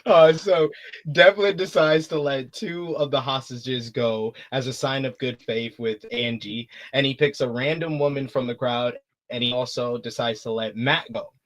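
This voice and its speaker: A man's voice: mid-range voice, moderate pace. A man hosting a casual review show, recapping the plot in a laid-back way with frequent fillers. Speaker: host.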